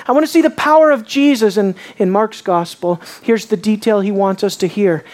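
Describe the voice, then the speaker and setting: A man preaching a sermon, asking his listeners questions and dropping low and quiet on key lines. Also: moderate pace, hardly any pauses. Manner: asks the audience questions.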